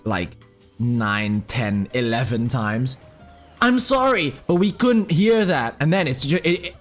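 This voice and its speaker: A young man commenting on his own gameplay while telling a rambling story. He is excitable, swears freely, talks in slang and mutters about his moves as he plays. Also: mid-range voice. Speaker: gaming commentator. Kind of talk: casual storytelling over live gameplay.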